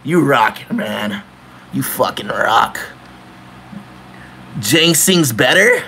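A man's voice: medium pitch, lively intonation, very slow, gravelly, long pauses, pushed and bright, a little hiss or hum. A young man livestreaming in a joking emo persona, full of mock-teen slang and frequent laughter.

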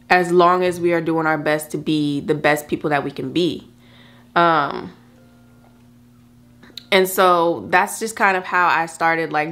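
Getting ready at home, a woman vlogger does her makeup while chatting casually with her viewers in a get-ready-with-me video. Her voice is fairly low, and she rambles and talks to them directly. Soft music plays faintly behind her.

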